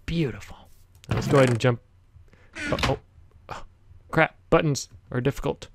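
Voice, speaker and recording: Medium-pitched and creaky at a normal speed, a man runs a gaming channel, talking straight to viewers with casual gameplay commentary. He startles easily, yelping and laughing, and the recording is very noisy.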